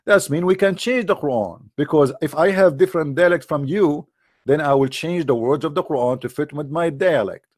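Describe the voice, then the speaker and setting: A man with a fairly high voice, recorded dry and close, delivering a sarcastic live-streamed debate talk. He fires off mocking rhetorical questions in broken English and needles his listeners. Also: normal speed, no room sound. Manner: non-native broken English grammar. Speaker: religious debater.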